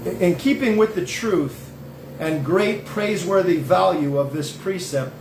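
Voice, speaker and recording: A man's voice: high-pitched, measured pace. Emphatic rambling man, echoey room. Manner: emphatic, digressive, many restarts and fillers. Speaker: host and self-styled rabbi. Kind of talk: rambling religious monologue with reading aloud. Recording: echoey room with faint background noise.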